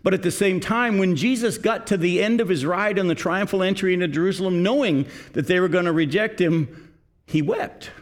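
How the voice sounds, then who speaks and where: A man's voice: high-pitched, a little fast. A middle-aged man preaching in a slightly raised voice. He speaks earnestly and directly, often turning to ask his listeners questions as a pastor delivering a sermon.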